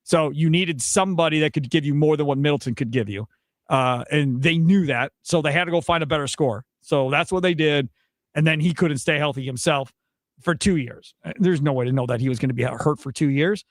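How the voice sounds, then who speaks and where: A man with a Wisconsin accent hosting a sports radio show, arguing his points in an animated way. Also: fairly high pitch, brisk, no room sound, studio quality. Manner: animated, argumentative, mocks others' panic in quotes. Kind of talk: sports talk radio commentary. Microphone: studio microphone.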